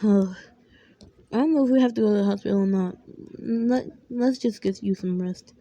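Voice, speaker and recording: Woman as a gentle, worried mom. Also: on the high side, slow, no echo, dull audio. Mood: tender. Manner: soft, often whispered. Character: caring worried mother. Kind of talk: family role-play.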